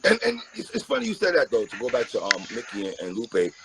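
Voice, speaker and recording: A man's voice: mid-range voice, wildly swooping pitch, quick pace. A man hosting an interview in a casual, agreeable way, chiming in often and laughing easily. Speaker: interview host. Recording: loud background noise.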